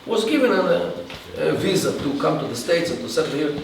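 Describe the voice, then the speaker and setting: A man answering an audience question in a halting lecture style, with many restarts and pauses. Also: a little high, sing-song. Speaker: guest speaker. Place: event hall. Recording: echoey room from far off, faint hiss.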